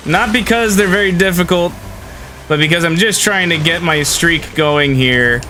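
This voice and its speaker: Young man, game streamer, bright forceful tone, casual rambling chat, friendly with viewers. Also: fairly high pitch, normal speed, a little hiss or hum. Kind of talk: casual live-stream chat while gaming.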